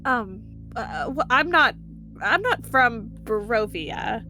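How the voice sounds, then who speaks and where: A woman's voice: on the high side, lively intonation, slow, bright, forceful tone, soft background music. A woman playing her character in a tabletop game, hesitant and full of fillers. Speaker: player.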